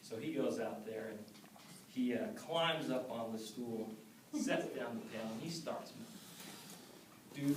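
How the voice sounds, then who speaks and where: A man telling a folk tale aloud in an animated way, with spoken sound effects, recorded from a distance in a roomy space. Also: medium pitch, unhurried, background noise. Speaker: storyteller. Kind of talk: oral storytelling.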